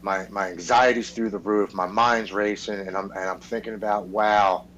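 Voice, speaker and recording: A man with a fairly low voice tells his personal story frankly on a podcast. He swears freely and acts out what the other people in his story said. A faint hum sits under the recording. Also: fairly even intonation, moderate pace, fairly bright tone, lo-fi sound. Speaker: podcast guest.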